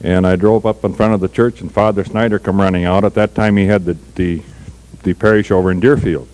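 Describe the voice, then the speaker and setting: A man tells a personal anecdote in a plain, rambling style. His voice is on the low side. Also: fairly even intonation, brisk, darkish tone, a little hiss or hum, low-quality recording.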